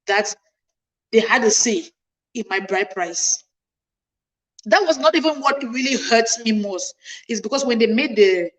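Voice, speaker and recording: On a livestream, a woman in her thirties shares a personal family story with her viewers, speaking emphatically and with passion. Her slightly high voice climbs whenever she gets indignant, and the recording is rough.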